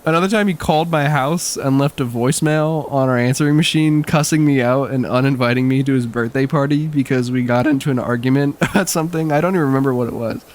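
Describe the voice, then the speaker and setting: Young man, casual storytelling, wry, often laughing, middle pitch. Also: fast, hardly any pauses.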